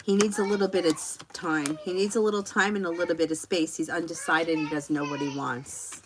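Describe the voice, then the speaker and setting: A woman's voice: on the low side, fairly even intonation, a little fast, background noise. A woman hosting a casual tarot reading at home, rambling off on tangents and laughing often. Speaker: tarot reader hosting a livestream. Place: home with a small child around.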